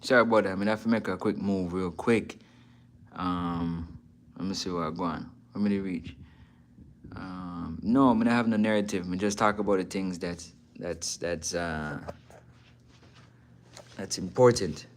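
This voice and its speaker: A man's voice: low voice, moderate pace, long pauses. A man with a Jamaican accent hosting a live sports talk stream, reading viewer comments and repeating his points with patois mixed in. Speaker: sports talk show host.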